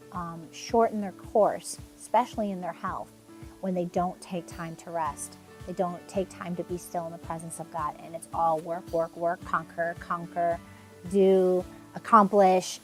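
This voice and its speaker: A woman's voice: lowish voice, steady tone, measured pace, soft background music. A woman hosting a daily devotional, talking in an earnest, conversational way and repeating words for emphasis. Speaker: devotional host. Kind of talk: devotional talk.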